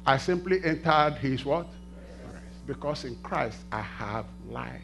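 Bright-voiced preacher man, call-and-response. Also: medium pitch, animated, takes it slowly, vocal fry, faint music behind. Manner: call-and-response questions to the congregation; swings between hushed and loud, exclamatory. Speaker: pastor. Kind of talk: sermon.

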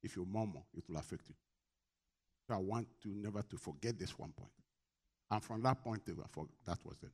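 A middle-aged male pastor speaks a little quickly as he preaches, leading call-and-response with his congregation and switching between quiet, low-voiced asides and forceful, loud exhortations.

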